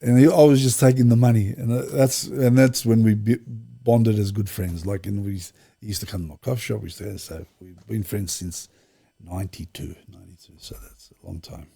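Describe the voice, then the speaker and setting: A middle-aged man settles into a long anecdote as a podcast guest. His voice sits low and mellow, with a gravelly, husky edge. He rambles, restarts his sentences and acts out other people's lines as he goes. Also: steady tone, fairly quick. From Australia. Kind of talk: casual storytelling interview.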